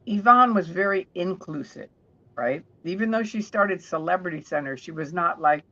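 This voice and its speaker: A woman guest telling stories in an interview, chatty and warm, often restarting her sentences. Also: fairly low pitch, lively intonation, normal speed, lo-fi sound.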